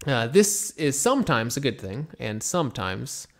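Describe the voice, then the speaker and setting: Gravelly young man teaching English. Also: mid-range voice. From United States. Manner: relaxed, slow repetitions of example phrases, mixes in Turkish. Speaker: English teacher answering live chat. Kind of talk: casual live stream lesson.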